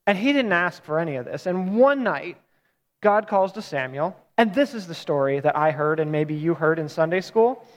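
A man's voice: on the high side, expressive, normal speed. A man in his thirties giving a sermon as a pastor, retelling a story in a casual, conversational way and often correcting himself. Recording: long reverb of a large hall.

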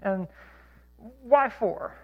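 A man's voice: high voice, lively intonation, drawn-out words, gravelly, husky, phone-quality sound. A man leading a church Bible study, talking casually with many fillers and self-corrections. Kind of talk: casual teaching talk with anecdotes.

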